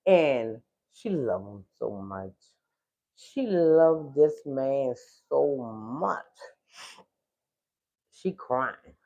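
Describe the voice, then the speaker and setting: A woman's voice: deep voice, animated, slow, a little mellow, dull audio. A woman host telling a story on a livestream in a casual, chatty way, often asking "you know what I'm saying".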